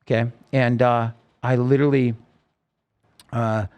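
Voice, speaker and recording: A singer-songwriter guest on a podcast, telling a personal story earnestly and emotionally in halting sentences full of restarts. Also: male voice, mid-range voice, little pitch movement, a little mellow, smooth.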